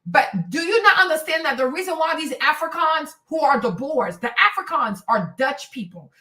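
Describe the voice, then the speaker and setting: High, bright-voiced woman ranting. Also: lively intonation, normal speed, hardly any pauses, reverberant, far from the mic. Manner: impassioned, profane, rambling. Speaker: host. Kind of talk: livestream commentary.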